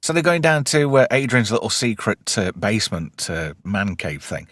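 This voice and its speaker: A man talks in a casual podcast, his pitch leaping about in a lively way. He swears freely and recaps episodes with plenty of energy. His voice is close and dry, with no room sound. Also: normal speed, dry recording. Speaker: podcast host. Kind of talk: casual chat.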